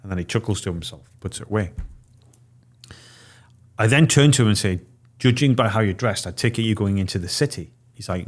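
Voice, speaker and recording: A middle-aged man telling a story in a relaxed podcast chat, acting out the voices of the people in it. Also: fairly low pitch, a little fast, pauses often. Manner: vivid storyteller, acting out quoted dialogue. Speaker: podcast guest.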